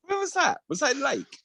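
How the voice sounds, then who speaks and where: A man on a chatty podcast whose pitch swings up and down as he jokes and swears his way through the talk. His voice is close and dry, with almost no room sound, as if on a video call. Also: vocal fry, sharp tone, no room sound. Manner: laughing, sweary, reads listener messages aloud. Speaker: podcast co-host. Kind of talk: casual chat.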